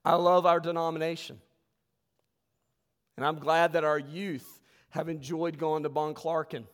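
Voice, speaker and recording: A man preaching a sermon as pastor, telling stories and swinging between loud bursts and hushed, quiet lines. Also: fairly high pitch, little pitch movement, measured pace, clear, resonant tone. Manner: storytelling, swings from loud outbursts to hushed tones. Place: church sanctuary. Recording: long reverb of a church hall.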